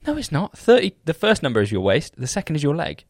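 A young man co-hosting a casual podcast, quiet and self-deprecating in banter. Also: a little high, huge pitch swings, quick pace, no room sound, studio quality. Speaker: podcast co-host. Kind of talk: casual chat.

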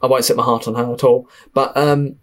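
A young man with an Essex accent, a film director chatting in a podcast interview, telling lively stories with laughs and the odd swear. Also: medium pitch, fairly quick. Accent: Essex English. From Essex, England.

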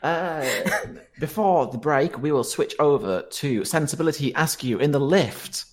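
A man narrating as game master of a tabletop role-playing podcast, playful and animated. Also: fairly high pitch, measured pace.

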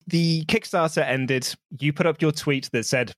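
A man's voice: a little high, measured pace, a bit bright, dry recording, studio quality. A man hosting a podcast, asking questions in a chatty, informal way. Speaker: podcast host. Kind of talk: casual podcast interview.

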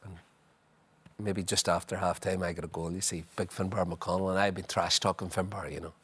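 A middle-aged man, a former footballer telling lively anecdotes as a guest, full of "you know". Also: low-pitched, a little fast, slightly rough. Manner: chatty, leans on "you know", acts out scenes. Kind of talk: animated anecdotal storytelling.

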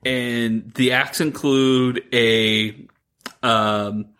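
A man's voice: medium pitch, steady tone, extremely slow, fairly bright tone, clear, resonant tone. Rambling man mocking a movie, laughing. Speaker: podcast co-host. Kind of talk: casual chat recapping a movie.

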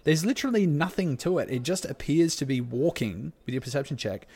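Man narrating as a relaxed game master. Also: fairly high pitch, brisk, slightly rough. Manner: laid-back, descriptive.

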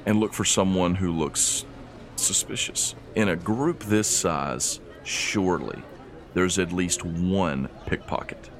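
A man's voice: low-pitched, takes it slowly. A man narrating as game master of a tabletop game, in loose, rambling speech full of fillers.

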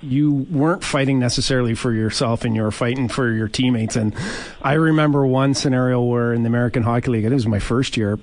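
A man's voice: mid-range voice, steady tone, fast, few pauses, darkish tone, no echo. Man co-hosting a radio chat. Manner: conversational, asks long questions. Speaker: radio co-host. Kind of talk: casual chat.

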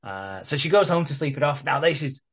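A man's voice: fairly high pitch, lively intonation, brisk, a bit bright, husky. A man casually retelling a soap plot on a podcast, sweary and jokey, quoting the characters as he goes. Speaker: podcast co-host recapping a soap. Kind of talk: casual storytelling chat.

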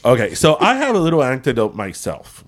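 Animated man co-hosting a chat podcast. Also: medium pitch, a little fast. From Miami. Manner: animated, laughing, mixes in Spanish. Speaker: podcast co-host. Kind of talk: casual chat.

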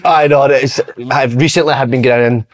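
A man's voice: mid-range voice, steady tone, a little fast, a crowd in the background. A Scottish man, a former footballer co-hosting a podcast, rambling and laughing often in casual banter.

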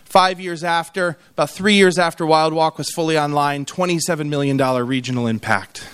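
A middle-aged man gives a humorous conference keynote in a higher, clean-toned voice, speaking a little fast. He tells animated stories and acts out the people in them, voicing their quotes.

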